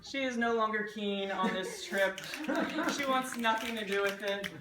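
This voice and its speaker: A woman delivers a humorous storytelling speech to a live audience, animated and comic in her delivery. Her voice sits well back from the mic in an echoey room. Bursts of audience laughter and room noise come through behind her. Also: medium pitch, moderate pace. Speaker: Toastmasters speaker. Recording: roomy echo from a distant mic.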